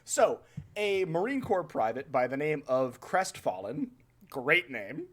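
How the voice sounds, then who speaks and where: A man hosting a casual podcast, telling a history story in an animated, swearing, laughing way. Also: on the high side, slow. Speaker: podcast host.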